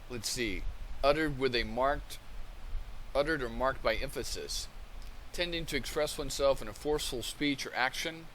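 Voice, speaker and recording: Slight background noise sits behind this channel host as he reads transcripts and definitions aloud in a mid-range, sharp-toned voice. He talks them through casually and keeps restarting.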